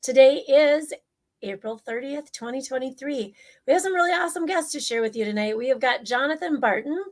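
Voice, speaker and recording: A woman opens an online talk show in a bright, chatty way, her voice sitting a bit high. She drops in plenty of "um"s and sounds upbeat and easygoing. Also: lively intonation, a little fast. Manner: upbeat, filler-heavy. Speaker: co-host. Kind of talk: casual show opening.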